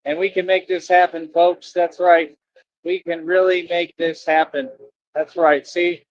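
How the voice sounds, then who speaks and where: Rambling man streaming outdoors, higher voice. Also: flat delivery, a little slow, no room sound. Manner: rambling, repeats himself, preachy. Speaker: livestreamer asking for donations. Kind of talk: casual rambling livestream talk. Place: outdoors near a street with traffic. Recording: dull lo-fi stream audio.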